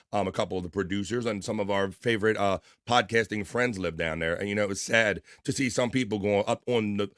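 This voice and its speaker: A man hosting a live stream, casually reading viewer comments aloud and giving shout-outs while talking through his allergies. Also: deep voice, dry recording, clean studio sound. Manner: casual, rambling, reads chat names aloud with shout-outs. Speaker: livestream show host.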